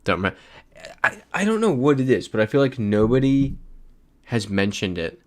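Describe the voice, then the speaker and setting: This livestream host has a mid-range voice and talks at a moderate pace, sounding very animated. He keeps up easygoing chatter during play, reading out messages from his chat.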